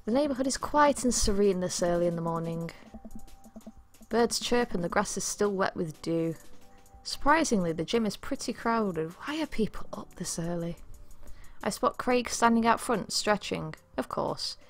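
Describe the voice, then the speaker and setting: A woman streamer playing a dating game, reading the story aloud and reacting with quick laughs and chatty asides. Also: mid-range voice, expressive, soft background music. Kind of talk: let's play commentary with read-aloud game text.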